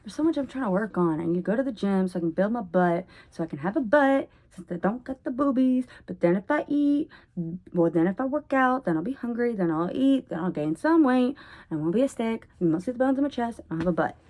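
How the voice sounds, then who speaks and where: A woman rambling in a casual vlog monologue at home, oversharing and jumping between topics with sudden loud bursts. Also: on the high side, expressive, fast talker. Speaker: vlogger.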